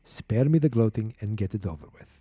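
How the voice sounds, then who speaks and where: Guy voicing a tired cornered spy, grim and defiant, low mellow voice. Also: expressive, a little fast, husky, dry recording.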